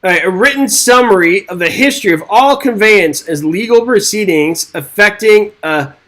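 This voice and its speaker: A man with a somewhat high voice runs a live exam-prep webinar from his desk microphone. He reads multiple-choice questions aloud, then jokes and checks in with viewers in an upbeat, chatty way. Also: lively intonation, normal speed, bright, forceful tone, poor audio. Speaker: real estate exam instructor.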